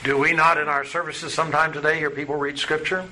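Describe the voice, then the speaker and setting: A man's voice: on the high side, flat delivery, fast, bright, forceful tone. A man teaching a Bible study class, asking his students questions in a patient, folksy way. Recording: noisy room recording.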